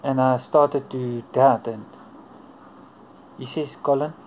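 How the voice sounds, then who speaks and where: A man telling a personal faith testimony in an earnest, unhurried way, in short broken phrases. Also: mid-range voice, fairly even intonation, darkish tone, a little hiss or hum, low-quality recording. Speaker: churchgoer giving testimony.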